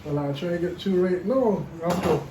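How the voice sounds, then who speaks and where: Man spinning an animated story in a noisy barbershop. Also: high-pitched, brisk, recorded from a distance. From Belize. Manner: animated storytelling, laughing often. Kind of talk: casual chat. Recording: echoey room with background noise.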